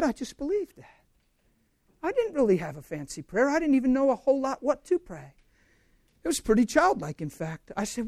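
A man preaching a sermon to students, telling his story in an animated way with laughter. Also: high-pitched, dry recording.

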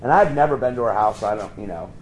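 A man preaching, telling a story and acting out the voices of the people in it with sudden high jumps in pitch. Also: animated, fast talker, a little hiss or hum, low-quality recording. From Pennsylvania. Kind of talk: storytelling sermon.

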